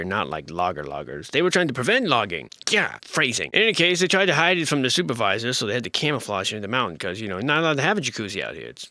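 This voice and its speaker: Lively, bright-voiced sarcastic man. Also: lowish voice, dry recording, clean studio sound. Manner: sarcastic, joking asides; mock-serious tour-guide delivery. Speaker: host. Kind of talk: comedic commentary.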